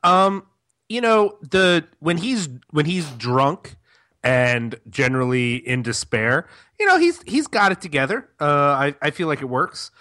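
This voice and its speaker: A man's voice: a little high, lively intonation, a little slow, pushed and bright. A man on a casual movie podcast, hesitant, restarting and thinking aloud. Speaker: podcast co-host. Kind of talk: casual chat.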